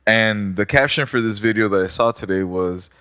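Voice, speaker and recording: A man co-hosting a casual podcast chat, animated and quick to laugh, swearing often as he explains things. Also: fairly low pitch, smooth. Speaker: podcast co-host.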